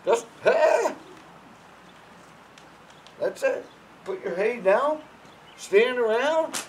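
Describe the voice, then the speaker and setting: Over a low-quality recording with a bit of hiss or hum, a man talks casually about how to train horses. He's blunt and emphatic, often starting his sentences over, and lively, moving between quiet mutters and sudden loud bursts.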